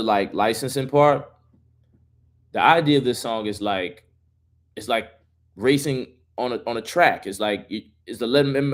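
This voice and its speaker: Man, low-ish voice, casual profane streamer answering chat. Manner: loose and profane, reads chat questions aloud. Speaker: musician hosting a live stream.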